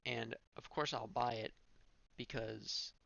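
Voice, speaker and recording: A man's voice: medium pitch, fairly even intonation, slow pace, gravelly, a bit bright, dry recording, highs cut off. A male streamer giving gameplay commentary, thinking aloud and correcting himself as he goes.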